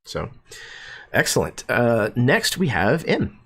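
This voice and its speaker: A man's voice: medium pitch, wildly swooping pitch, slow, vocal fry, fairly bright tone, husky. A man hosting a tabletop game stream as game master, introducing players in a laid-back, joking way.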